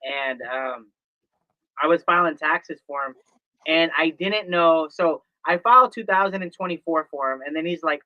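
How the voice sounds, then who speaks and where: A man's voice: on the high side, normal speed, no echo, lo-fi sound. A man chatting casually on a stream, telling stories with animation and acting out his phone calls. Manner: animated storyteller, acts out phone calls, laughs easily. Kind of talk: casual chat.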